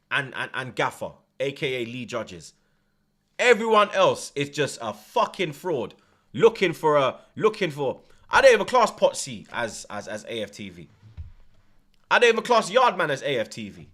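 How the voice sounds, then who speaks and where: A man's voice: fairly high pitch, fairly bright tone. A young man, hosting a football watchalong and ranting emphatically in street slang. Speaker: watchalong host. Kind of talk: heated football rant.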